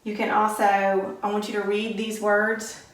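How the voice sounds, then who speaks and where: A woman with a Southern US accent, teaching a slow, clear, encouraging phonics lesson to first graders and sounding words out. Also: medium pitch, monotone. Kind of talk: recorded phonics lesson for young children. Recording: distant echoey classroom recording.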